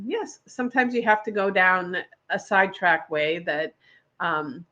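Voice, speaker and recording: A woman co-hosting a casual talk, soft-spoken and relaxed, pausing on fillers. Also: fairly low pitch, dull audio. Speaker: podcast co-host. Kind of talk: casual conversation.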